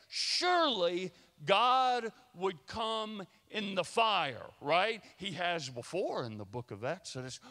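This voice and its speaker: A man's voice: high voice, a bit bright. A male pastor preaching a sermon, addressing the congregation with emphatic repeated rhetorical questions, in a church sanctuary. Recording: long church reverb.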